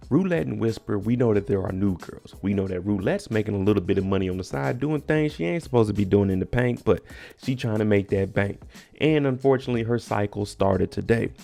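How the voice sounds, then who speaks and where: Gravelly man recapping a TV episode. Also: lowish voice, darkish tone. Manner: slangy, joking, talks straight to viewers. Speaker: TV recap vlogger. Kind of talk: casual show recap commentary.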